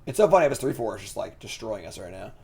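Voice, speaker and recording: A man streaming a digital card game, thinking aloud in a relaxed, chatty commentary. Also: lowish voice, racing, creaky, breathy edge.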